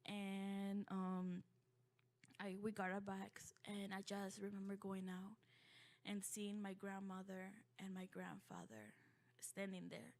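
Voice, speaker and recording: A young woman from Ecuador shares a personal story aloud, her voice sitting at an ordinary middle pitch. She talks in a halting, heartfelt way, pausing, restarting and filling gaps with small hesitations. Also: steady tone.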